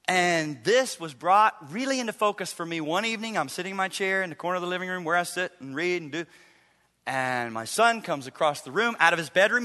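A middle-aged man preaching a sermon as a pastor, telling a story with animated acted-out quotes. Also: high-pitched. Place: church sanctuary. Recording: reverberant live church hall.

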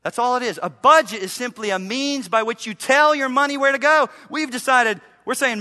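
A man preaching from the pulpit with a high, bright, forceful voice that carries through a long-reverb church hall. He swings from playful mock voices of his listeners to sudden hushed, earnest moments. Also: moderate pace, few pauses. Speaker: pastor. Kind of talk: sermon.

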